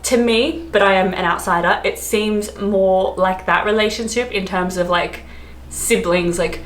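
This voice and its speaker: A woman's voice: mid-range voice, steady tone, moderate pace. A woman with an Australian accent, chatting casually to camera, rambling and often laughing. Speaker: travel vlogger. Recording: echoey room, faint ambience.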